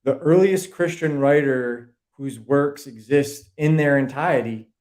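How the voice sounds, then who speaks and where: A man's voice: fairly high pitch, slow pace, a little mellow. A man with a Boston accent, a podcast guest lecturing in a rambling, profane way during a casual video call chat. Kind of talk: casual conspiracy-history chat.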